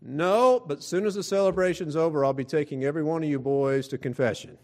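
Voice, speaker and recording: Man doing a grimly serious devout old father, dry and matter-of-fact, fairly high voice. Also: fast talker, natural voice. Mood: stern.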